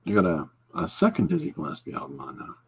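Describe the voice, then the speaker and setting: A man hosting a podcast, chatting casually while he draws, rambling and breaking off into quick asides. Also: sits low, huge pitch swings, gravelly, breathy edge. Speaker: podcast host. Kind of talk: casual chat while drawing.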